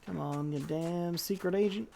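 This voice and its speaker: A woman's voice: lowish voice, moderate pace, creaky, warm tone, a little hiss or hum. A woman streaming a game live, talking to the characters in a made-up drawling accent with folksy slang, impatient and swearing. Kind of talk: live gameplay commentary.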